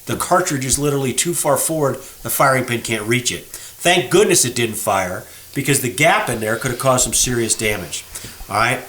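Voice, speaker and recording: A mid-range voice at normal speed belongs to a gunsmith shop owner hosting his show, with an echoey room and slight background noise. Folksy and animated, he calls viewers folks as he casually points out flaws on a gun in the workroom.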